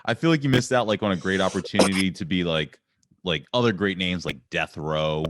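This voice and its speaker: A man hosting a podcast who asks questions in a halting, hesitant way. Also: low voice, very noisy. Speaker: podcast host. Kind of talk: casual interview.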